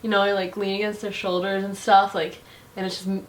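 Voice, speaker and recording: A woman's voice: medium pitch, level tone, brisk. A young woman chattily reviewing her favorite makeup on her vlog, with lots of "like" fillers. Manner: chatty and bubbly, heavy use of "like". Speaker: beauty vlogger.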